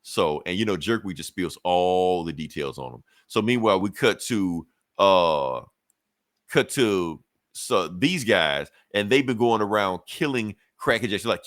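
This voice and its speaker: A man's voice: low voice, lively intonation, a little slow, fairly bright tone, no room sound, studio quality. A man hosting a podcast, retelling a comic book issue in loose, profane, chuckling casual chat. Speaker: podcast host.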